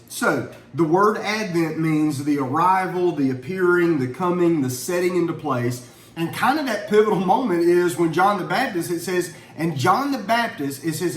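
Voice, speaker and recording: A man's voice: sits high, a little hiss or hum. Earnest father leading a Bible lesson. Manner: earnest and conversational, asks questions. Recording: echoey room, faint ambience.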